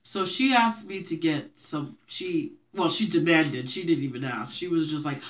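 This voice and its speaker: A woman's voice: sits low, moderate pace, few pauses. A young woman who grew up speaking Haitian Creole, telling childhood stories to her viewers in a chatty way and laughing often. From Haitian family, raised in Brooklyn. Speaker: vlogger. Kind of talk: casual storytelling to camera.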